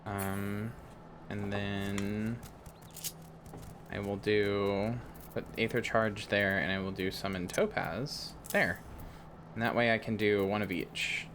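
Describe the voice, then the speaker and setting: Give me a deeper-voiced man bantering casually with his stream chat while playing. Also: flat delivery, slow pace, long pauses, noisy background. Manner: swearing, joking banter with chat.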